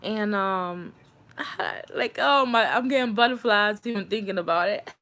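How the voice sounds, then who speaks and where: A young woman hosting her own livestream, telling a personal story in a casual, animated way. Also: medium pitch, a little slow. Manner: animated, acts out quoted voices. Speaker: livestream host.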